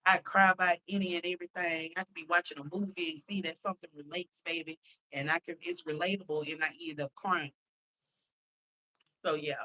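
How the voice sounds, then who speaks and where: A woman's voice: lowish voice, fairly even intonation, fairly quick, pushed and bright, low-quality recording. A young adult woman hosting a phone live stream, chatting heartfelt and casual with her viewers and calling them y'all. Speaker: livestream host.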